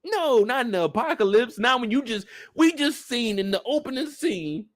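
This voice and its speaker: A high-voiced man riffs through a TV episode recap in loose, slangy commentary. His pitch swings widely as he jokes and swears. The recording is dry and close. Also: moderate pace, dry recording. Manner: animated, slangy, profane, joking. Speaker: TV recap reviewer. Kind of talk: casual review commentary.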